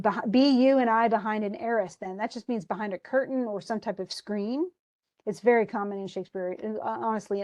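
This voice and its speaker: Woman teacher, casual, paraphrases a play's lines in loose everyday speech, mid-pitched. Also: mellow. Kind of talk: casual lesson, retelling a play.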